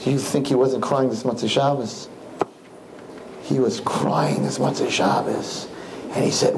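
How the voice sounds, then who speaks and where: A man preaching as a rabbi, fervent, swinging from soaring high cries to low hushed pleading. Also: normal speed, background noise. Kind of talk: impassioned sermon.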